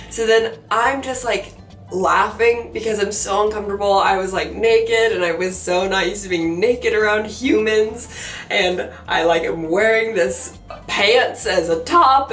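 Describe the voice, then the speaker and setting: A young woman vlogger telling a funny personal story in a chatty, animated way, with many fillers, often laughing at herself. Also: medium pitch. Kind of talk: casual storytelling to camera. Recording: roomy sound from a distance with faint music.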